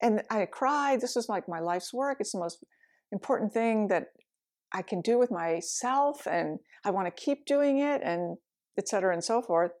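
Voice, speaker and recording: A woman's voice: medium pitch, expressive, moderate pace, darkish tone. A middle-aged meditation teacher tells a story from her own life. She talks candidly and reflectively, with the occasional laugh. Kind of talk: storytelling talk.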